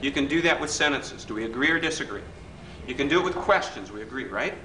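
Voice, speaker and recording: A man's voice: medium pitch, animated, fast, pushed and bright, far from the mic. A man leading a live workshop, talking conversationally and often checking whether the audience agrees. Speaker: workshop leader. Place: hotel function room. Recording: echoey room recording from afar, faint hiss.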